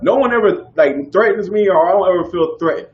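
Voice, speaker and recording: A man teaching a group in casual preaching style, animated and conversational, often asking whether listeners follow. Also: sits high, fairly quick, phone-quality sound. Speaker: street teacher.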